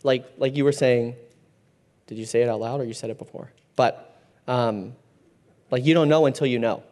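A man in his thirties leads a casual faith talk for a small group. He rambles, starts over often and fills pauses with "um" and "like," with a voice of middling pitch. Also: a little mellow. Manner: rambling, many fillers and restarts. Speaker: church group leader.

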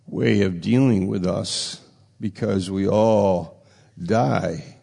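Gravelly man preaching in an echoing hall. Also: on the low side. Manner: emphatic, repeats phrases, rising and dropping loudness. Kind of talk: sermon. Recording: long reverb in a large hall.

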